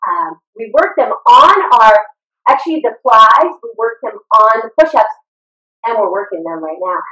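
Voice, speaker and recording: Breathless high-voiced woman coaching a workout. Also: normal speed. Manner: encouraging, gives steady cues while exercising along. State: out of breath from exercising. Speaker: fitness instructor. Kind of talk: live online workout coaching. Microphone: video call. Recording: roomy sound from away from the mic.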